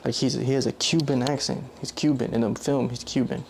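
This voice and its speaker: There's slight background noise as a young man vlogs with a gravelly, darkish, medium-pitched voice, speaking a little fast with fairly even intonation. It's a loose, rambling monologue, peppered with self-corrections and "like."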